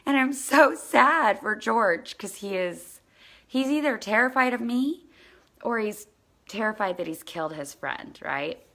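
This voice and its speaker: Woman podcaster rambling through a story, bright tense voice, acts out the dialogue. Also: fairly high pitch, measured pace, creaky. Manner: animated, acts out quoted dialogue, drops to near-whisper for quotes. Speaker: podcast host and parent. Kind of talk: casual storytelling.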